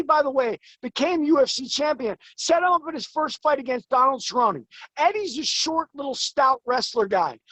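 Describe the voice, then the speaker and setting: A man in his forties, a guest in an interview, talking emphatically and fast, his voice climbing as he gets worked up. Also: very high-pitched, fairly bright tone, no echo, poor audio. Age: 40s. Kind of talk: heated interview talk.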